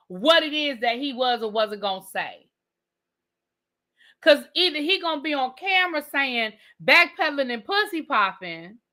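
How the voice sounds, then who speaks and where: A woman's voice: high voice, bright, forceful tone. A woman hosting a live rant-and-review of a reality show, talking emphatically, repeating her points and swearing freely.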